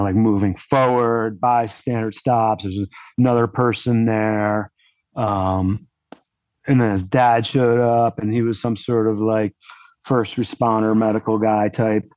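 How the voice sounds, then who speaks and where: A man speaking as a podcast guest, telling a long story in a loose, rambling way full of fillers. His voice sits at a middle pitch. The recording sounds dull and lo-fi, with a very dry, close feel. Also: darkish tone, no room sound. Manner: rambling, heavy use of "like" fillers. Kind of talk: casual storytelling.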